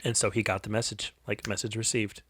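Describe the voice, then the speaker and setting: A man in his thirties, a podcast co-host, telling a personal parenting story in an earnest, confessional way, with restarts and soft, quiet stretches. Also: on the low side, little pitch movement, brisk, slightly rough, dry recording.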